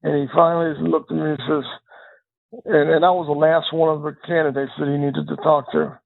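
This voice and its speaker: A man's voice: on the high side, little pitch movement, moderate pace, creaky. An older man, a former district attorney, telling a long story in an interview, often repeating words as he goes. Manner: reflective storyteller who repeats words and restarts phrases. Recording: tinny phone-line sound.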